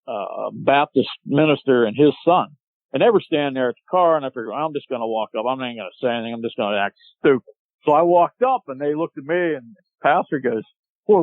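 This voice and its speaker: A man guest on a podcast, telling a long hunting story in a casual, animated way and acting out what people said. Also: medium pitch, dry recording. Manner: animated storyteller, acts out shouted quotes. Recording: tinny phone-like line, dry.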